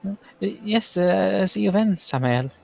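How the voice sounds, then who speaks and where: A bashful young kobold woman stumbles over every word, hesitating and trailing off. Her voice sits higher and softer than usual, as a man puts her on in a tabletop role-play. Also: animated, gravelly, soft background music, exaggerated voice, poor audio. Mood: flustered. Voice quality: stammering, halting. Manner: timid and polite, full of hesitant fillers. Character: shy flustered young female kobold villager.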